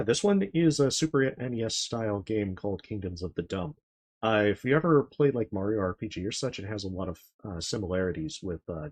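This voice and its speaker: A man's voice: on the low side, darkish tone, slight background noise. A man streaming a retro-style role-playing game, chatting to viewers and reading the game's text aloud. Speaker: let's play streamer. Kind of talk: casual game commentary.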